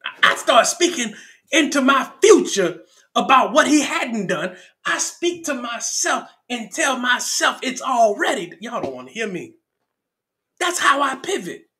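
A man's voice: very high voice, sing-song, unhurried, bright, forceful tone. A male pastor preaching an impassioned sermon at a church service. He calls out to the congregation, stammers through restarts and breaks into song.

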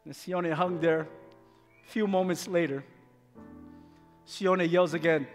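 A man's voice: on the high side, fairly even intonation, slow, long pauses. A male pastor preaching emphatically, repeating phrases and stumbling into restarts as he drives his points home. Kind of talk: sermon. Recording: reverberant hall with faint music.

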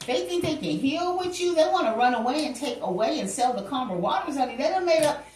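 A woman's voice: sits high, lively intonation, quick pace, a little mellow, recorded from a distance, a little hiss or hum. Chatty woman reading tarot in echoey room. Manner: chatty, exclaiming, addresses listeners directly. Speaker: tarot reader. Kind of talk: casual tarot reading to viewers.

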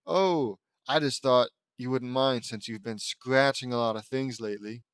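A man's voice: mid-range voice, moderate pace, clean tone, no room sound, clean studio sound, close to an everyday voice. A man voicing a spoiled, bossy little girl with a demanding, sugary manner.

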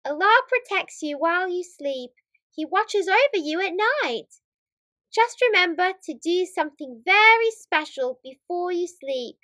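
A woman voicing a gentle, patient mother who soothes her son in a children's storybook reading. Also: very high voice, expressive, measured pace, no echo, exaggerated voice. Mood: soothing. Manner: soft, soothing.

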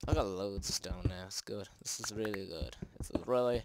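A man's voice: lowish voice, moderate pace, few pauses, a little hiss or hum. A man hosting a let's play, chatting and joking at himself with jumpy exclamations. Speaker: gaming channel host. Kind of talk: let's play game commentary.

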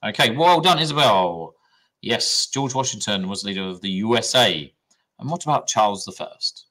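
A man's voice: on the low side, lively intonation, normal speed, pushed and bright. A young adult man, a teacher running a classroom history quiz and giving pupils upbeat, encouraging praise.

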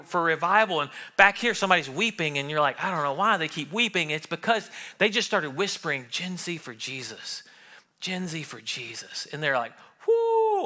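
A man preaching a sermon in a church room, animated and acting out what people think and say. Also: high voice. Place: church sanctuary.

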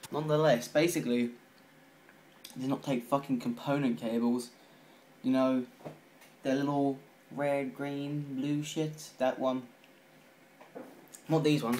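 A man's voice: mid-range voice, fairly even intonation, unhurried, a little hiss or hum. Rambling, foul-mouthed male vlogger. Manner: swears constantly, loose and rambling. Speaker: gaming channel vlogger. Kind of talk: rambling casual vlog.

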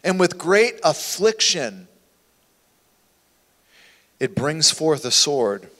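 A man's voice: fairly high pitch, sing-song, very slow. Impassioned male pastor preaching in a reverberant church. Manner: impassioned preaching, swinging from hushed to loud. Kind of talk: sermon. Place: church sanctuary. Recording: long hall reverb in a church.

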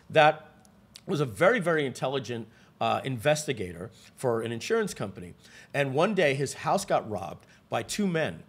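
A man presenting a live webinar, telling stories with lively asides to the audience and frequent restarts. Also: medium pitch, husky.

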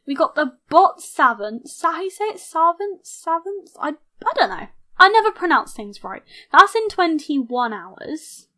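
A young woman chatting casually through her life-sim game, excitable and mock-outraged, laughing often. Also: high-pitched, moderate pace, hardly any pauses. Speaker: gaming YouTuber. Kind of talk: casual let's-play commentary.

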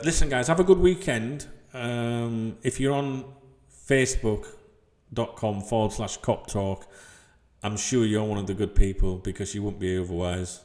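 This football channel host is a man in his 40s whose voice sits on the low side with a darkish tone. Filmed in a small room with white walls, he rants to camera in a heated, rambling, sweary way, repeatedly asking "you know what I mean".

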